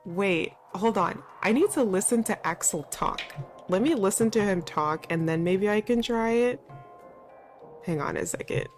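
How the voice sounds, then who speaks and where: A woman's voice: medium pitch, expressive, a little slow. A woman streamer chatting casually while playing, often laughing and poking fun at herself. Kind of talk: casual let's-play commentary. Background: faint background music.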